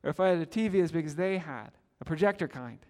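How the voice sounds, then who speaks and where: Fast-talking and expressive, a middle-aged pastor with a fairly high but darkish voice preaches in a big-sounding room. His sermon is told as conversational stories, complete with acted-out quotes.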